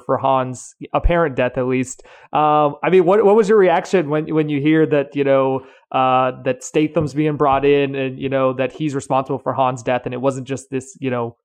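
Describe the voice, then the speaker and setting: A man's voice: mid-range voice, smooth. A man cohosting a podcast interview, conversational, asking long winding questions.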